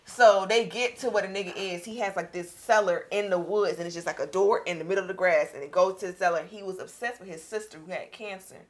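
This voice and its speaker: Young female co-host, talks very fast, blunt and crude, rambles. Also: medium pitch. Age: young adult. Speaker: podcast co-host. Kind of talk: casual chat.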